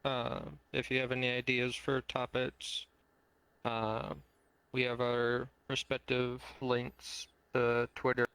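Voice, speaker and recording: Male podcast host, slow and easygoing, clear crisp voice, bright tone, casual jokey delivery. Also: medium pitch, no echo, low-quality recording. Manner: relaxed, joking, slightly rambling.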